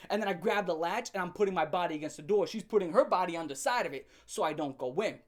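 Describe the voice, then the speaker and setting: A young man telling a funny story from his teen years in a casual, animated way, laughing often and swearing freely. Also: high voice, fast. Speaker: storyteller host. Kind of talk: comedic storytime vlog.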